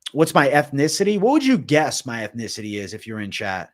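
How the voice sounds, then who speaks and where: Hosting a casual MMA livestream Q&A, a young man with an ordinary mid male pitch talks fairly quickly in a sing-song way. He answers chat loosely and offhandedly, swearing often and calling viewers bro and dog.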